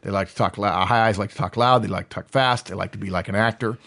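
A middle-aged man co-hosting a podcast in a fast, animated manner, often breaking into laughter. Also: lowish voice. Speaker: podcast co-host. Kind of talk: animated casual chat.

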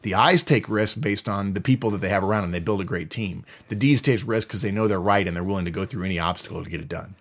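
A middle-aged man hosting a podcast, explaining in a casual, animated way and acting out quoted voices. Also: lowish voice, fast talker, few pauses. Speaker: podcast host.

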